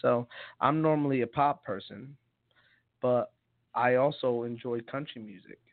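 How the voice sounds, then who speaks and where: A man's voice: mid-range voice, measured pace. Young male guest from New Jersey, rambling storyteller, tinny lo-fi audio. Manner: rambling, laughing storyteller with many restarts. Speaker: songwriter guest. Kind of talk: casual chat. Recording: tinny phone-like sound.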